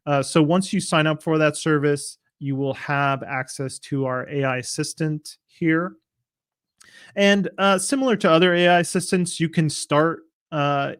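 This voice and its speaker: A man giving a casual software demo, explaining in a relaxed, loose way with frequent filler sounds. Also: on the high side, clean tone, no room sound, clean studio sound. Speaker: software product demonstrator.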